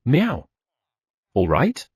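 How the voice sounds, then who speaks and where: A man's voice: medium pitch, wildly swooping pitch, extremely slow, a little mellow, slightly rough, no room sound, studio quality, full character voice. A man voicing a boastful, greedy male talking cat merchant who ends sentences with meow, in an audiobook. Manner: arrogant, scheming. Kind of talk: audiobook character voice.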